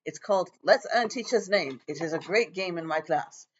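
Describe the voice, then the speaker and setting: A man's voice: sits high, animated, normal speed, lo-fi sound, slight background noise. A man improvising a loose, rambling lecture as a self-styled teacher of a magic class.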